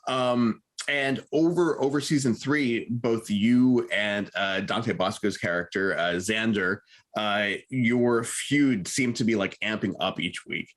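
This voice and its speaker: A man's voice: fairly low pitch, slow, a bit bright. A man interviewing an actor, asking long questions with many fillers and restarts.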